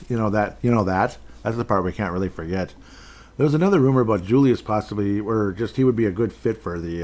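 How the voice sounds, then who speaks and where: A podcast host with a fairly low, darkish voice runs a laid-back sports show from home. He rambles, cracks jokes, and chuckles often.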